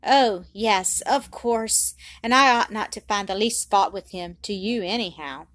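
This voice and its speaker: A woman reads as a spirited, eager girl in an old-fashioned storybook, quick to protest. The voice sits at a middle pitch. The sound is dry, with no echo. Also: a bit bright, lightly acted. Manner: eager, half indignant. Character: eager, lively girl, quick to take offense.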